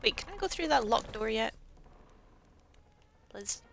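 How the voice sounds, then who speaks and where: A woman's voice: on the high side, lively intonation, measured pace, creaky, a bit bright, slight background noise. A woman commentating casually on a video game as she plays, sarcastic and joking, with lots of swearing. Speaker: game streamer.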